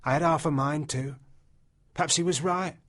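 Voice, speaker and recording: A man's voice: on the high side, moderate pace, a bit bright, voice pushed up. A man voicing a lonely, regretful planter's wife. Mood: wistful, regretful. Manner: chattering to herself, regretful. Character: lonely bored planter's wife, former actress. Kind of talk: audiobook character voice.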